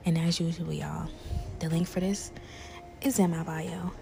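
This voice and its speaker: A woman's voice: lowish voice, steady tone, measured pace, gravelly, dark tone, a little hiss or hum. A young woman, chatting casually to her viewers as she cooks, calling them y'all. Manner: chatty, talks straight to viewers, calls them y'all and besties. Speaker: cooking creator. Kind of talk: casual cooking vlog chat.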